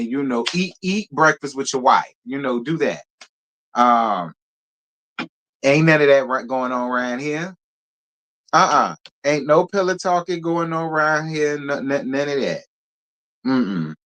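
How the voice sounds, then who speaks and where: A man hosting a live-stream review show, talking casually and sassily to his viewers. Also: medium pitch. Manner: sassy, animated, talks straight to his viewers.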